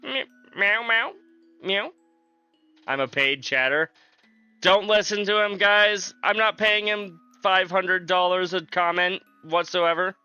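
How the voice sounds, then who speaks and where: Man, game streamer, high-ish voice, chatty and joking, faint game music behind. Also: measured pace, pushed and bright, clear, resonant tone, dry recording, lo-fi sound. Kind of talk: casual live-stream commentary.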